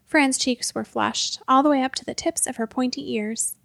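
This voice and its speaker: A woman narrating a storybook in a lively, expressive way. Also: high voice, normal speed, creaky, dry recording, studio quality.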